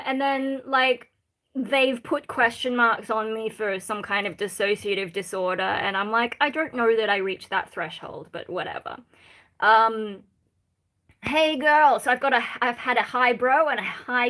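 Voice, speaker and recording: Higher-voiced Australian woman streamer. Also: sharp tone. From Sydney, Australia. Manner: rambling, reads chat comments aloud and answers them. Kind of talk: casual live-stream chat.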